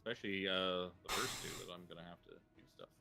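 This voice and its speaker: A man's voice: sits low, fairly even intonation, fast, vocal fry. A man narrating as game master, rambling loosely with frequent ums and chuckles.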